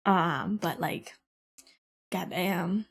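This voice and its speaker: A woman's voice: fairly low pitch, very slow, slightly rough. Young woman podcast host, cussing and laughing through a casual story. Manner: profane, laughing, slangy banter. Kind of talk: casual chat.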